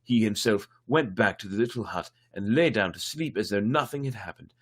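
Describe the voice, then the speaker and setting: A man's voice: on the low side, a little fast, breathy edge. A man reading a fairy tale aloud on a livestream, breaking in with wry, irreverent asides. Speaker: storyteller.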